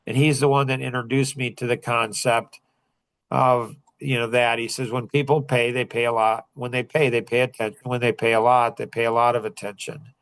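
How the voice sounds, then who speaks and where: Animated man telling stories. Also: moderate pace, gravelly. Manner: animated storyteller, voice jumps high when excited. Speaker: host. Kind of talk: casual group call chat.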